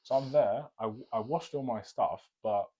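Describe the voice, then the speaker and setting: A young man from the UK telling animated, ranting stories in a casual storytime chat. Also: mid-range voice, moderate pace, slightly rough, lo-fi sound. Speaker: co-host.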